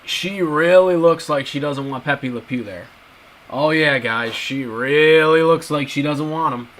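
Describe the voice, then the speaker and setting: A man's voice: on the high side, measured pace, a bit bright, low-quality recording. A man in casual video commentary, talking to his viewers and repeating his points emphatically. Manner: repetitive, emphatic, addresses viewers as guys. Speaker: YouTube commentator.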